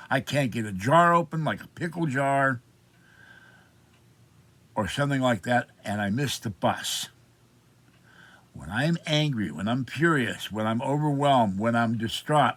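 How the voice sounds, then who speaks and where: In a personal vlog, a Pittsburgh man in his seventies tells a rambling, indignant story of complaint. His voice is mid-range with a fairly bright tone.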